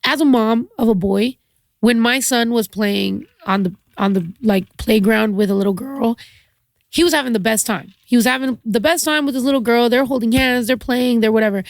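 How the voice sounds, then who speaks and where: A woman's voice: on the high side, moderate pace, dry recording. A woman from Mexico, a podcast guest, talking casually and sympathetically with many fillers. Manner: sympathetic, warm reactions, lots of fillers. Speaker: guest, musician. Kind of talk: casual chat.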